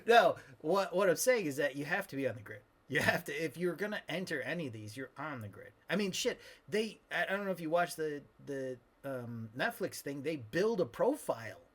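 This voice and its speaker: A man's voice: a little high, sing-song, a little fast, few pauses, breathy edge. Guy putting on a rambling old southern geezer, filtered old-man voice, grumbly and crude. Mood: grumbling. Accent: put-on old-timey Southern. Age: older. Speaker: podcast co-host. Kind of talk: comedic old-man podcast banter.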